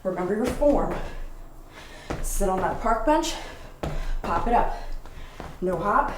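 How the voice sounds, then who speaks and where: A woman's voice: mid-range voice, slow, distant mic. Breathless woman coaching a workout. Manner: energetic, out of breath while exercising. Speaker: fitness instructor. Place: home workout space. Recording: roomy, from off the mic, noisy.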